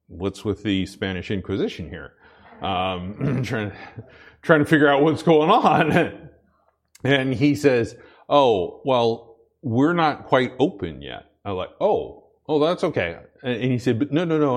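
A man's voice: mid-range voice, big pitch swings, a little slow. A man preaching a sermon, telling a rambling personal story with many restarts before turning to scripture with rising emphasis.

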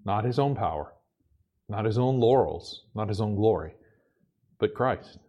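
A man's voice: on the low side, animated, a little slow, dark tone, lo-fi sound. A man preaching a sermon in a conversational way, stumbling over repeated words as he builds his points. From Pacific Northwest. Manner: conversational, repeats words when starting sentences, laughs between points. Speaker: pastor.

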